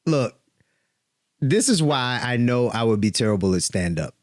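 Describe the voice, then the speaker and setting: A man's voice: medium pitch, expressive, moderate pace, no room sound, studio quality. A man co-hosting a podcast, bantering and joking, laughing often. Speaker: podcast co-host. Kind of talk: casual banter.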